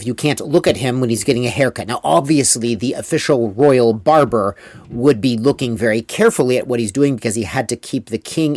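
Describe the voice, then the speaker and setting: A man of middle pitch teaches a daily Mishnah class in a loose, conversational way. He reads each Hebrew phrase and then unpacks it in everyday English. The recording is dry and close, with no room sound. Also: dry recording. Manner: casual explaining, reads Hebrew text then translates. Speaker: Torah teacher.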